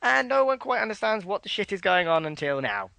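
A man co-hosts a casual podcast, recapping the news bluntly and swearing freely. He has a bright, tense, forceful tone that sits a little high for a man. The sound is dry and close, with no room echo. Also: very animated, fairly quick, gravelly, smooth. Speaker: podcast co-host. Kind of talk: casual chat.

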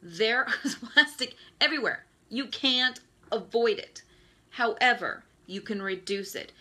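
Woman, 30s, bright forceful voice, exasperated, ranting, live stream chat. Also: on the high side, lively intonation, measured pace. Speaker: host. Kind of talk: Facebook Live talk.

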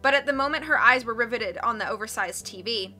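Bright-voiced woman reading a novel. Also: a little high, a little fast, soft background music. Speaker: audiobook reader.

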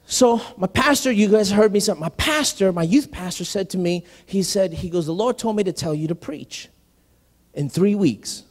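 A male senior pastor telling a personal story in a conversational sermon, animated, often saying "listen" and restarting phrases. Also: sits high, normal speed. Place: church sanctuary. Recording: live sermon in a reverberant hall.

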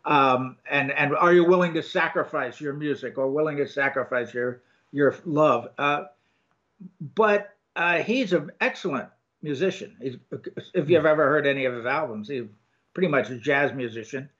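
An older man shares his opinions on a film, casual and halting, full of ums and restarts. His voice sits a little high. The recording sounds dull and lo-fi. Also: a bit bright. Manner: rambling, hesitant with many ums and restarts. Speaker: co-host film reviewer. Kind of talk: casual review chat.

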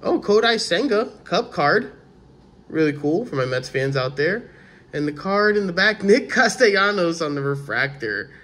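A man hosting his own vlog, opening sports card packs in casual, excited chat, often stammering and repeating words. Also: high-pitched, normal speed.

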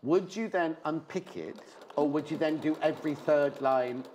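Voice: medium pitch, moderate pace, a little mellow, slight background noise. Studio presenter, chatty and jokey, loose and rambling. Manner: bubbly, rambling, jokey asides. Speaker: TV shopping presenter.

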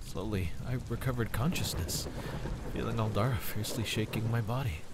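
A man slowly reading a first-person fantasy story with dramatic delivery. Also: lowish voice, heavy background noise. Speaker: story narrator. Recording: rain and thunder ambience. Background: rain and thunder sound effects.

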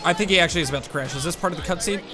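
A man's voice: sits high, rapid-fire. A man hosting a gaming channel, giving casual, jokey gameplay commentary and often saying "dude". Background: game music.

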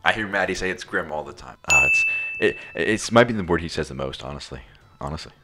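Young American man, extremely deep voice, halting casual quiz answers. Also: expressive, loud music behind the voice. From United States. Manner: hesitant, thinking aloud with many restarts. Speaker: quiz contestant. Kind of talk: casual chat.

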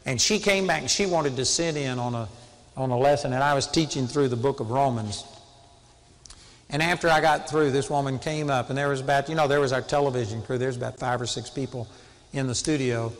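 A man's voice: mid-range voice, fairly quick, big-room sound. A man preaching a sermon in an earnest, conversational way that rises to sudden emphatic peaks.

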